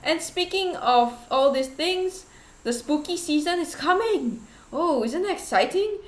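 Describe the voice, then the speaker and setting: A young woman with a fairly high voice chats casually, rambling and giggling as she pokes fun at herself. Her voice bounces around a noticeably echoey room. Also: lively intonation, a little slow. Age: young adult. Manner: rambling, giggly, self-deprecating. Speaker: VTuber streamer. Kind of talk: casual chat. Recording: roomy echo.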